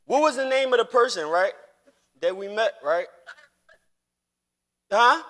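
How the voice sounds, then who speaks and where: Man, casual gaming chat, teasing, cursing, high voice, bright tone. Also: expressive, measured pace. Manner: profane, teasing, rambling. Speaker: streamer and father.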